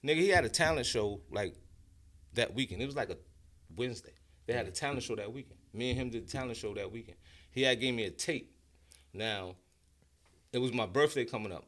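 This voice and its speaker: A man in his forties from Brooklyn with a New York accent, a podcast guest telling stories in an animated, slangy way with frequent restarts. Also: mid-range voice, a little fast, long pauses. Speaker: guest, rapper and producer. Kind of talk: casual storytelling interview.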